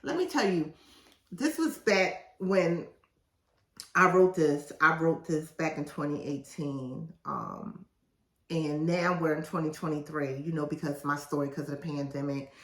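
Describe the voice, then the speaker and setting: A bright, forceful woman's voice, assertive and animated, reading passages from her book aloud and dropping casual asides in between. She sits a little back from the mic, and the room gives her voice a roomy echo. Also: deep voice, unhurried, recorded from a distance. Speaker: podcast host and author.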